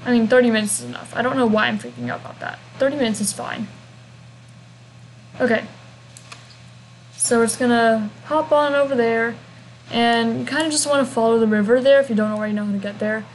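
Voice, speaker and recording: A woman's voice: on the high side, fairly even intonation, brisk, long pauses, slight background noise, poor audio. A young woman chatting through a video game walkthrough, rambling casually and humming little fillers as she goes. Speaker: gameplay walkthrough narrator.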